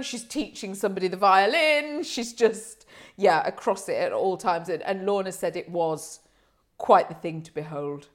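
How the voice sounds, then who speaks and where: A pregnant woman co-hosting a casual podcast, joking quickly and self-deprecatingly and laughing often. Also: mid-range voice. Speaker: podcast co-host. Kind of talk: casual chat.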